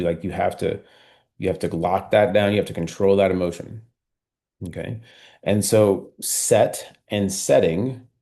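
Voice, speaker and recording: Gravelly, dark-voiced male sales trainer. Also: sits low. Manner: measured, steady pace with frequent "right?" and "like". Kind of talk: training session over video call.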